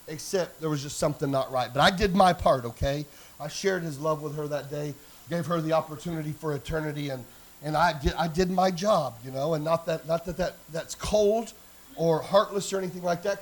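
High-voiced preacher telling a story. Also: male voice. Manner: storytelling preacher, building to shouted fervor. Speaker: pastor. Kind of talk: sermon.

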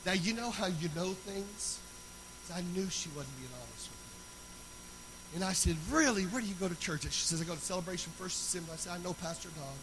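A man preaching a sermon, moving between loud, sung exhortation and quiet, conversational storytelling. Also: sits high, quick pace, few pauses, noisy background.

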